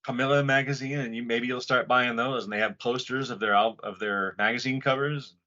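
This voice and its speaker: A man's voice: mid-range voice, brisk. A man co-hosting a podcast in casual chat, rambling and swearing freely. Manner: profane, rambling, animated. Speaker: podcast co-host. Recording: muffled lo-fi audio.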